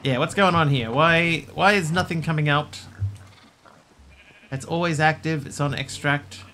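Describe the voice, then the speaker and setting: Man, gameplay streamer, bright tense voice, rambling jokey chat. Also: a little high, unhurried, a little hiss or hum. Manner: rambling, jokey, mock-pretentious pronunciations. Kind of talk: casual gameplay commentary.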